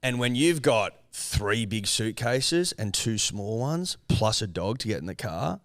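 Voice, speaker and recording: A man's voice: lowish voice, unhurried, no room sound, clean studio sound. A young Australian man, a podcast co-host, telling a rambling story in casual chat, swearing freely and acting out what people said. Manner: animated swearing storyteller, acts out quotes.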